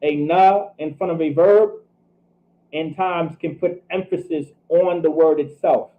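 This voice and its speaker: A man's voice: on the high side, steady tone, unhurried, narrow, tinny audio. Guy teaching a hebrew class over a thin phone-ish line, talks it through, lots of "all right". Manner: thinks aloud, checks himself, repeats "all right" often. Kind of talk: teaching a scripture language class.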